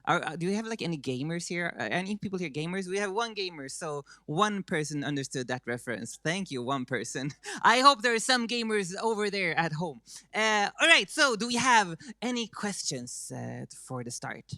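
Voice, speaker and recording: A woman's voice: fairly low pitch, big pitch swings, moderate pace, bright, forceful tone, no room sound. A woman with a Swedish accent, Swedish being her first language, hosting a live stage show in a chatty, self-mocking way with many fillers and restarts. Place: stage before a live audience.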